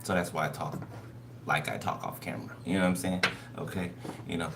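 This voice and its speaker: A man's voice: low-pitched, steady tone, a little fast, gravelly. A man giving a casual spoken tarot reading, loose and conversational, who keeps checking in with his listeners. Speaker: tarot card reader. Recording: noisy recording.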